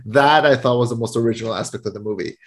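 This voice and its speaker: A man's voice: mid-range voice, fast talker. A man co-hosting a casual movie review chat, ranting with exasperation and many fillers. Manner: animated, exasperated ranting with frequent "like" and restarts. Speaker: podcast co-host reviewing a film.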